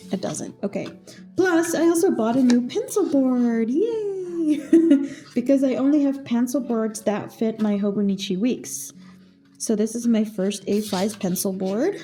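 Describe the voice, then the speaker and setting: A young woman vlogging casually as she sets up a planner, chatty and playful, thinking out loud and exclaiming over small things. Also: on the high side, measured pace, faint music behind. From Netherlands. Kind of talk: casual planner setup vlog.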